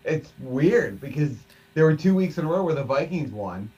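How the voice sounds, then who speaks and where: A man's voice: fairly high pitch, big pitch swings, normal speed, a little mellow, far from the mic, lo-fi sound. A man co-hosting a casual podcast over drinks, joking, laughing often and swearing casually. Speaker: podcast co-host.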